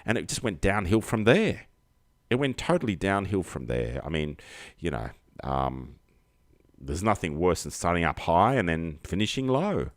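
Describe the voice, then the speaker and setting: A man's voice: sits low, big pitch swings, moderate pace. A man hosting a livestream, rambling through a comic monologue with self-mocking jokey asides. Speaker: livestream comedy host.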